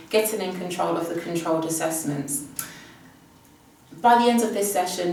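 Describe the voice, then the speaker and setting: A woman teaching Spanish, giving an upbeat, emphatic exam prep lesson. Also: fairly low pitch. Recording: distant mic with heavy room echo.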